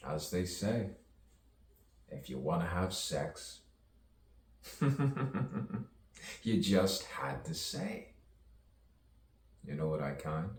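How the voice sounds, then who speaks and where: A man's voice: very deep voice, darkish tone, slight background noise. A man improvising a rambling, rhyming stream-of-consciousness monologue with chuckles between lines, recorded from a distance. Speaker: poet. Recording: roomy echo, distant mic, faint ambience.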